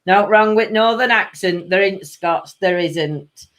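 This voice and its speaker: A woman's voice: medium pitch, measured pace, fairly bright tone. A woman with a South Yorkshire accent hosting a casual live-stream chat, reading viewer comments aloud and calling everyone "my lovely". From Sheffield, England. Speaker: host of a weekly chat show.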